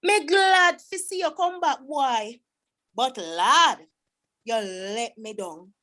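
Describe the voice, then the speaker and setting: A woman reciting a dialect poem as a proud, exasperated Jamaican mother scolding her son, in a sharp, reproachful voice. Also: high-pitched, takes it slowly, heavily acted.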